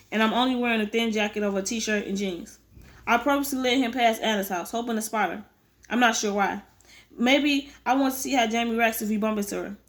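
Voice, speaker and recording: Woman reading a novel aloud, stumbling. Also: fairly high pitch. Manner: stumbling, rereading words. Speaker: audiobook reader.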